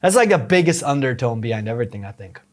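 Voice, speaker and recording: A man's voice: mid-range voice, sing-song, fast talker. Earnest man with a foreign accent. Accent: non-native English accent. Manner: earnest, explains step by step with many restarts. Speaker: podcast guest, YouTube strategist. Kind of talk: casual advice talk.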